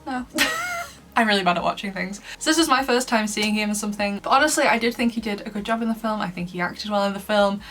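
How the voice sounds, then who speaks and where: A woman's voice: medium pitch, quick pace, fairly bright tone, faint music behind. A woman from Lancashire giving a casual review commentary in a chatty way, laughing often between points. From Lancashire, England. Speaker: book reviewer.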